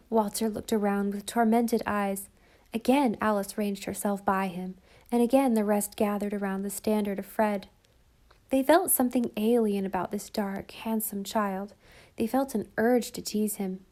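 A woman's voice: mid-range voice, steady tone, moderate pace, dark tone. Woman reading a children's audiobook. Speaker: narrator. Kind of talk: audiobook narration.

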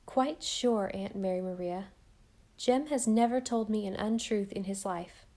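A woman voicing a gentle, dreamy young wife, speaking softly with a slightly lifted voice. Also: mid-range voice, a little slow, close to an everyday voice.

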